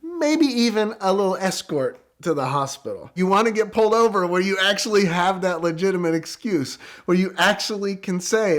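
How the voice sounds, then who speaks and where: A middle-aged man telling a story in a casual, animated way, with quick excited bursts. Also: sits high. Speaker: guest storyteller.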